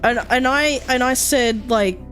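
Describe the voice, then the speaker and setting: A woman's voice: on the high side, measured pace, fairly bright tone, faint music behind. Foul-mouthed woman rambling on stream. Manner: rambling, swears a lot, many fillers. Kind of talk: casual stream chat.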